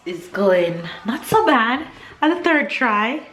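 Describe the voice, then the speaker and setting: A woman's voice: on the high side, big pitch swings, takes it slowly, a bit bright, soft background music. A young adult woman making a casual cooking vlog at home, chatty and giggly, humming little tunes as she goes. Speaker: vlogger. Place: home kitchen. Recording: echoey kitchen, faint noise.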